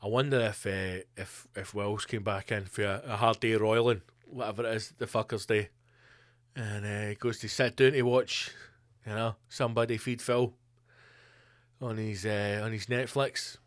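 A man's voice: fairly low pitch, steady tone, moderate pace, no echo, clean studio sound. A Scottish man, a comedian hosting his own podcast, rambling in a sweary, jokey monologue. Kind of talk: casual monologue.

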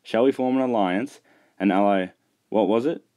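A man's voice: on the low side, moderate pace, warm tone, voice pushed up, lightly acted. A man voicing a cheeky, boastful young male tank engine in a storybook reading. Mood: sorry. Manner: boastful, teasing. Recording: music behind, poor mic.

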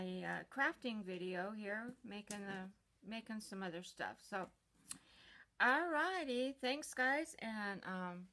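A woman giving a casual personal vlog update to camera from home, chatty, with many ums and pauses. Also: medium pitch, sharp tone. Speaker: vlogger.

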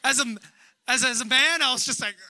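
Bright-voiced young pastor preaching. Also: male voice, very high-pitched, fast, clean tone, dry recording. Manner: conversational, acts out quoted dialogue, drops to a hush for tender lines. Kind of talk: sermon.

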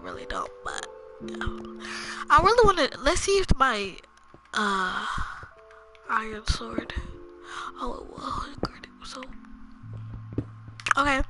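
Woman w/ talking low over her game, kinda high voice, game music behind her. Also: bright, forceful tone, poor audio. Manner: chatty, talking to viewers in a low voice. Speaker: gaming channel host. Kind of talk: casual gameplay commentary. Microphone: headphones with a mic.

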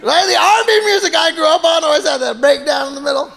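A male stand-up comedian performing a loud, profane set on a club stage and shouting his punchlines into a handheld mic. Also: extremely high pitch, quick pace, creaky, long reverb tail. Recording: live club with crowd laughter and noise.

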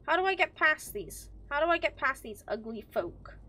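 A woman streaming a game live, excitable and swearing, talking to the game characters and to her chat. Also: high-pitched, normal speed, slight background noise. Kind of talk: live gameplay commentary.

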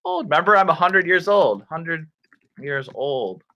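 A Michigan man leads an animated online English class for kids, playful and over-the-top with silly sound effects. His voice sits on the high side and is expressive, moving at a measured pace, though the audio sounds dull.

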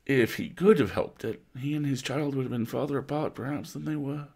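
A man reading a classic story aloud at a measured, atmospheric pace, as a bedtime story. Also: mid-range voice, gravelly, a little mellow, breathy edge.

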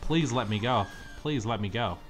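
A man's voice: medium pitch, normal speed. Exasperated young man playing a game. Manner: exasperated, dramatic complaining, yells at the game. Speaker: let's-play gamer. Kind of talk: gameplay commentary. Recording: faint game music behind.

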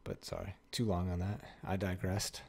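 A man's voice: deep voice, level tone, normal speed, gravelly, a little mellow, a little hiss or hum. A man giving casual, rambling commentary while opening card packs, often correcting himself and swearing freely. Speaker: card game pack-opening streamer.

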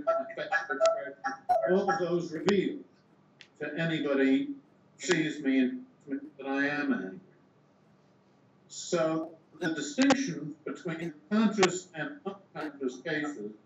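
An older man, a philosopher being interviewed, explaining ideas in a measured way and thinking aloud with small restarts. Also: a little high, recorded from a distance. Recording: echoey room, dull sound, background hiss.

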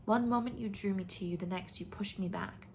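A woman voicing a calm young wife who soothes her friend softly. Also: medium pitch, brisk, a little hiss or hum, natural voice. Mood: gentle. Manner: soft and soothing.

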